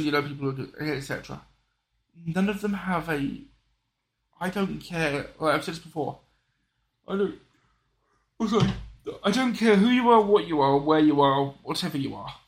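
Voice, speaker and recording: A man's voice: a little high, moderate pace, pauses often. A man in casual conversation, rambling and restarting his sentences with frequent apologetic asides. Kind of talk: casual political chat.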